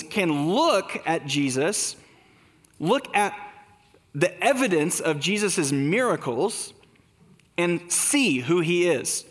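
A man's voice: high-pitched, fairly bright tone. Man preaching in a reverberant hall. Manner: conversational, asks rhetorical questions. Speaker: pastor. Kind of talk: sermon.

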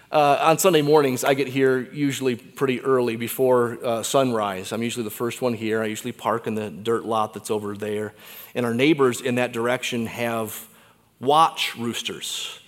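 A man preaching a sermon in a church, conversational and animated, swinging between quiet and loud. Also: medium pitch, in a large hall. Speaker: pastor.

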